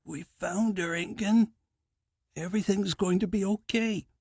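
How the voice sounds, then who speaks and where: A man voicing a dying young man in an audiobook, speaking softly between gasps. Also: sits high, fairly even intonation, a little slow, no room sound, clean studio sound, voice pushed up, full character voice. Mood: weak. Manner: gasping, soft and breathy.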